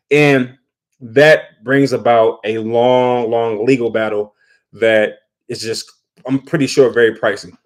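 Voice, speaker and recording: A man's voice: medium pitch, steady tone, a little slow, a little mellow. A man giving casual spoken commentary, talking loosely and often repeating words as he thinks. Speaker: vlogger.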